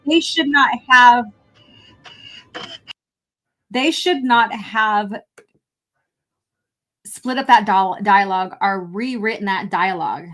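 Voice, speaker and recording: A woman's voice: mid-range voice, slow pace, pauses often, a bit bright. A woman live-streaming a fan film review, talking casually, laughing and swearing often.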